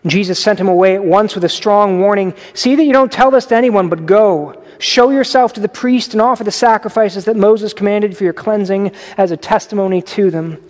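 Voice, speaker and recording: A man preaching a sermon as pastor in a conversational way, with animated asides. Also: sits high, brisk, few pauses, big-room sound. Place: church sanctuary.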